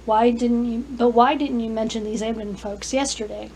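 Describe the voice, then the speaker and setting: A woman voicing a calm, steady adult man, speaking in a measured way. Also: fairly high pitch, a little hiss or hum, lightly acted, low-quality recording.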